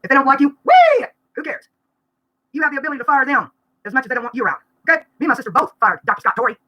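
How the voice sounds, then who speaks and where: A woman, venting bluntly and rapidly during a live-stream vlog, breaking into laughter now and then. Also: high-pitched, lively intonation, sharp tone. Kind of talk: rambling live-stream rant.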